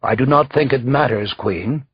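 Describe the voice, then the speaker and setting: A stern court physician, as a man reads him, formal and emphatic. His voice is very husky and dry, with a slightly dull lo-fi sound. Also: medium pitch, moderate pace, no echo. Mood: blunt. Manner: emphatic, blunt.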